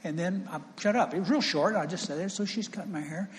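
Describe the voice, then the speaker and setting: A man preaching a sermon, telling a personal story in an animated, folksy way with chuckles. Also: high-pitched, fast. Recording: long reverb, faint ambience.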